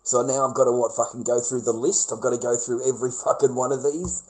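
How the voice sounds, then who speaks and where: A man's voice: medium pitch, level tone, fast talker, rough recording. Sneering, foul-mouthed Australian man ranting. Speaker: vlogger. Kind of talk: profane ranting monologue.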